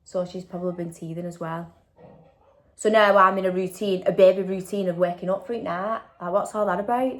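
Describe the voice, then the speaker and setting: A woman's voice: on the low side, fairly even intonation, fairly quick. A woman, chatting casually in a vlog and tagging questions onto her sentences. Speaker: vlogger. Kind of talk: casual chat.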